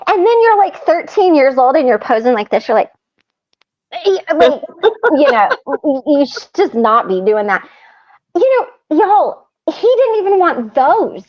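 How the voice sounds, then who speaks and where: A woman with a very high voice tells stories as a guest in a relaxed conversation. She is animated and laughs often. The recording sounds a little dull and muffled. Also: unhurried. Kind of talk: casual chat.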